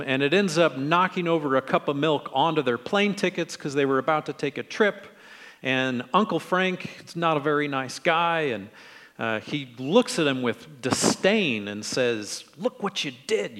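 Friendly, slightly high-voiced middle-aged preacher. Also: male voice, a little slow, in a large hall. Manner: relaxed, friendly, acts out quoted lines in different tones. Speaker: pastor. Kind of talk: conversational sermon.

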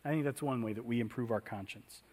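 A man's voice: medium pitch, quick pace, a little mellow. A man preaching a conversational sermon in a church, often asking the congregation questions. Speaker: pastor.

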